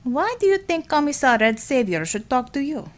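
Stern Russian woman commissar, read by a female narrator: blunt, proud, clipped and article-free, lively pitch. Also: normal speed. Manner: clipped, drops articles, formal. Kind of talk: audiobook character voice.

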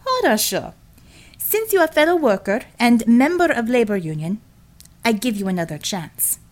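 A woman's voice: fairly high pitch, sing-song, normal speed. A woman voicing a blunt, proud Russian woman commissar with a Russian accent, speaking in clipped phrases without articles in an audiobook. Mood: stern. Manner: clipped, drops articles, formal. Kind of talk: audiobook character voice.

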